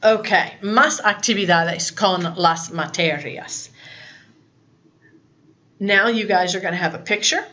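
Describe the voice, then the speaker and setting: A woman's voice: medium pitch, slow, long pauses, bright, forceful tone, dull audio. A woman teaching a recorded lesson to her students in a patient, explaining way. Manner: patient, talks to students, mixes English and Spanish prompts. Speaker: Spanish teacher.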